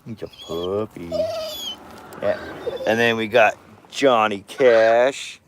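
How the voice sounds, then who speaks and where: A man's voice: fairly low pitch, slow pace, background noise. A man chatting casually to viewers on a live stream in a laid-back, slangy way.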